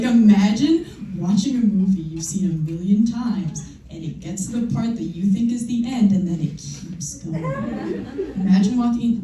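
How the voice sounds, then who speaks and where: This young woman's voice is mid-range and warm as she does stand-up at a live comedy show in a room. Her set is loose and conversational, full of stories poking fun at herself, and the recording is noisy and echoey with a distant mic.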